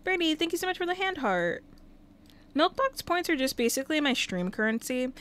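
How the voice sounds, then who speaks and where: A woman's voice: sits high, big pitch swings, brisk, fairly bright tone. A woman casually commenting while livestreaming a life-sim game, talking to the characters and thanking viewers. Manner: chatty, talks to game characters and chat.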